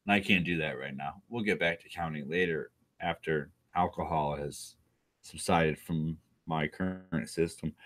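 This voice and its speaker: A man's voice: low voice, a bit bright, no echo. Tipsy rambling man hosting a stream. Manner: tipsy, rambling, jokey and self-mocking. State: drunk. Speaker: live stream host. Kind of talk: rambling live stream chat.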